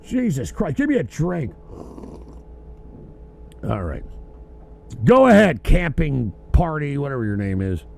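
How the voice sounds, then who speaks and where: Gravelly high-voiced man ranting, tipsy. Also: big pitch swings, measured pace, long pauses, slight background noise. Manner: loud, profane, rambling rant. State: drinking, tipsy. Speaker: host of a call-in livestream show. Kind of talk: profane ranting livestream talk.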